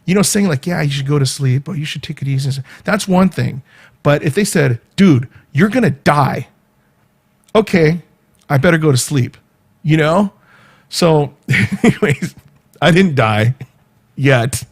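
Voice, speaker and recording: A man's voice: on the high side, expressive, measured pace, pauses often, breathy edge. A man with a Southern California accent, hosting his own show and chatting casually to viewers, rambling and repeating words as he goes. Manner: rambling, repeats words, talks to live commenters by name. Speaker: show host and event organizer.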